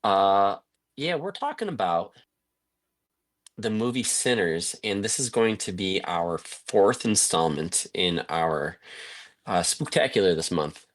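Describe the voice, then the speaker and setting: A man's voice: sits low, expressive, slow pace. A man hosting a podcast, talking in a casual, chatty and upbeat way. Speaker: podcast host. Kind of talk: casual chat.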